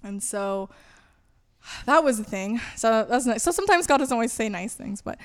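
A woman's voice: on the high side, animated, normal speed. A woman guest in an interview, telling a personal story in a conversational way and acting out her own past thoughts in quoted lines, recorded in a church.

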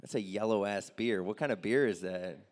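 A man's voice: on the low side, fairly quick, darkish tone. Crude rambling stand-up comic man. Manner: loose, crude, rambling, chatty with the crowd. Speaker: stand-up comedian. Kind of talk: stand-up set with crowd work.

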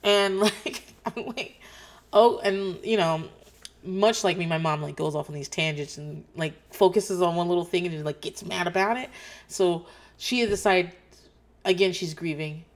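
A woman's voice: fairly low pitch, moderate pace. A middle-aged woman hosting a podcast, chatting casually, rambling off track and swearing freely. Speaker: podcast host. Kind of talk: casual chat.

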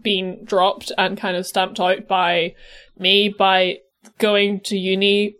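A woman with a softened Irish accent from Cork, co-hosting a casual podcast discussion and rambling animatedly. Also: medium pitch, slow pace. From Cork, Ireland. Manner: animated, rambling, self-interrupting. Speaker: podcast co-host.

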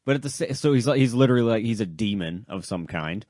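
A man co-hosting a casual wrestling podcast, animated and loose, swearing and trailing off into asides. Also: fairly low pitch, fast, no echo, studio quality. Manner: animated, swearing, jumps between loud and mumbled asides. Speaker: podcast co-host.

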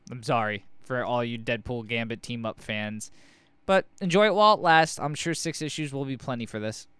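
Male co-host, very clean crisp voice, loose and jokey, curses freely, dry close-mic sound. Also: medium pitch, brisk, fairly bright tone, no room sound. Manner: rambling, profane, jokey. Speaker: podcast co-host. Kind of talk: casual comic book review chat.

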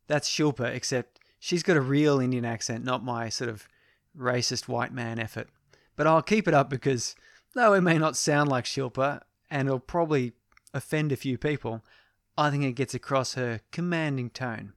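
A man's voice: mid-range voice, moderate pace, dry recording, clean studio sound. A man narrating his own story in a wry, self-deprecating, casual way. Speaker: podcast storyteller. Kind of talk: first-person audio story narration.

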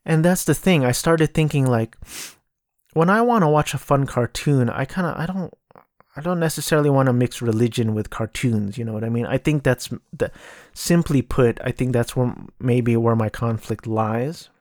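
A man's voice: medium pitch, normal speed, a little mellow, no echo, clean studio sound. A man hosting a casual solo podcast, rambling and correcting himself as he talks. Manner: rambling, self-correcting, mocking impressions. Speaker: podcast host.

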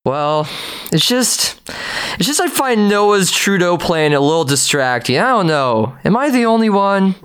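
A man voicing a fussy, eager male bandmate in a comedy sketch, hesitant and animated. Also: sits high, unhurried, clean tone, full character voice. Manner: hesitant, then chirpy in French.

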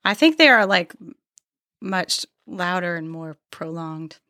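A woman's voice: on the low side, lively intonation, slow, bright, forceful tone, no room sound, studio quality. A woman chatting casually on a podcast, giggly and chatty.

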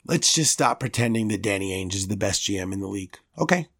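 A man's voice: fairly low pitch, lively intonation, fast, fairly bright tone. Heated, profane man ranting about sports. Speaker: sports podcast host. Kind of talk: opinionated sports rant.

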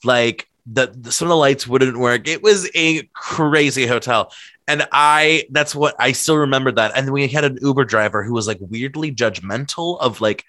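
A man's voice: mid-range voice, moderate pace, sharp tone, dry recording. A man telling stories in casual chat, rambling and packed with filler words. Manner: laughs while telling stories.

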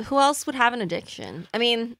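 A woman's voice: fairly high pitch, very animated, a little fast, a bit bright, no echo. A woman co-hosting a comedy podcast in casual chat, hesitant and trying to steer things back to the question. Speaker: podcast co-host.

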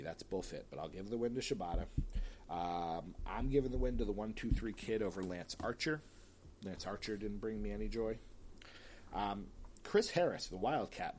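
A man's voice: fairly low pitch, a little mellow, slight background noise. A man talking casually on his own, picking winners of wrestling matchups with chatty, opinionated asides and the odd sigh. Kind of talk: casual solo commentary.

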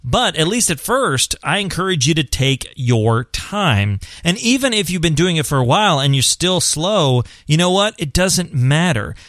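A man's voice: a little high, big pitch swings, normal speed, hardly any pauses, a bit bright, dry recording, studio quality. A blind man, a parent, talking casually to visually impaired viewers, earnest and encouraging, often repeating a point for emphasis. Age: adult, parent of a son. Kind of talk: casual advice monologue.

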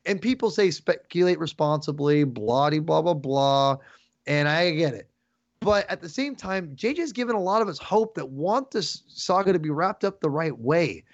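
A man with a fairly high voice tells his story in a rush of excitement, tripping over his words and restarting his sentences again and again. The sound is a little dull and lo-fi, with no room echo at all. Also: moderate pace. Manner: excitable, rambling with many restarts. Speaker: podcast guest. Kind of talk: casual chat.

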